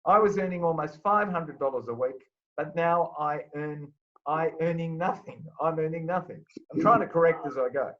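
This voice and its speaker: A man's voice: a little high, normal speed, dull audio. A man hosting a casual panel chat, reading listener letters aloud with playful asides.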